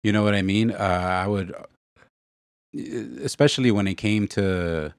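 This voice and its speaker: Young male co-host, easygoing and halting, low voice, dry close mic. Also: no echo. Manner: relaxed, hesitant, filler-heavy talk. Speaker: podcast co-host. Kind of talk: casual chat.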